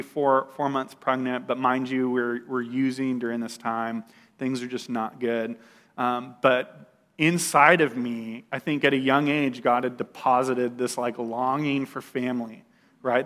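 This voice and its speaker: A man's voice: mid-range voice, fairly bright tone. Man telling his testimony casually. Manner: conversational, many fillers and restarts, laughs at himself. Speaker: speaker sharing a personal testimony. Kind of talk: casual personal testimony storytelling.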